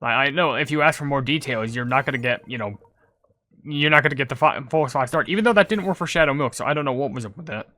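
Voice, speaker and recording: A man doing casual gaming commentary, rambling with lots of "like" and "you know", turning loud and excited over game pulls. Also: mid-range voice, quick pace. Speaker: gaming YouTuber.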